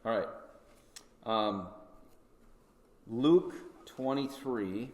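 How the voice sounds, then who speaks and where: A man teaches a Sunday school Bible lesson in a relaxed, conversational way, often pausing to check in with his listeners. His voice sits at an ordinary middle pitch. It rings with a long reverb from a large church hall. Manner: conversational, checks in with listeners with frequent "okay?" and "right?". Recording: echoey hall.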